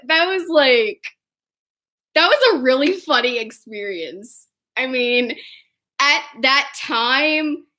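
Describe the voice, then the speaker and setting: A young woman casually telling a funny story, giggling and acting out what people said. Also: sits high. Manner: animated, giggly, acts out quotes. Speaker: vlogger.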